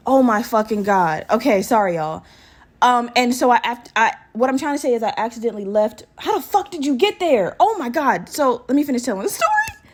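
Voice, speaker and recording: A young woman in her twenties talks straight to her listeners in a casual solo podcast. She is chatty and candid, with plenty of swearing. Her voice sits at an ordinary pitch for a woman. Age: 20s. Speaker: podcast host. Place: her bedroom at home.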